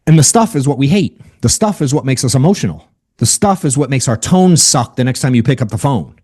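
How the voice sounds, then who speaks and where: A man giving a casual, energetic sales training over a video call. He talks bluntly and keeps asking "right?" and saying "dude.". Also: medium pitch, a little fast, breathy edge. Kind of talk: casual motivational training talk.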